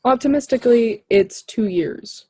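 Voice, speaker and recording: A young adult co-hosting a college radio podcast, joking and quipping in an animated, casual way. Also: mid-range voice, slightly rough, no room sound. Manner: jokey, animated, quick quips. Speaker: podcast co-host. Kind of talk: casual chat.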